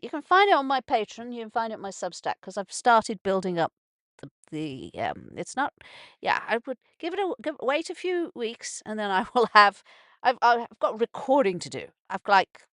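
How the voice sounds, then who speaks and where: A woman's voice: mid-range voice, a bit bright, no echo, clean studio sound. A woman hosting a casual morning radio show from a narrowboat, rambling with many restarts and swearing when upset. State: emotions heightened after a stroke. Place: narrowboat on a canal.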